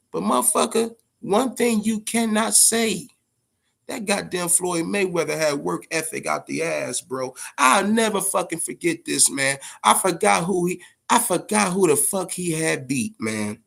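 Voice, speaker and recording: Profane, animated man talking boxing. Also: a little slow, creaky, breathy edge. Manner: profane, animated storytelling with swings in pitch. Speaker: boxing podcast host. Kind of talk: casual unscripted commentary.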